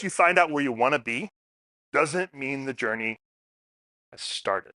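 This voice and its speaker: Bright-voiced man giving a casual public talk. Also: mid-range voice, animated, a little slow, no room sound, clean studio sound. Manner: casual, storytelling, talks to the audience with questions. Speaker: speaker at a community forum. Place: meeting room.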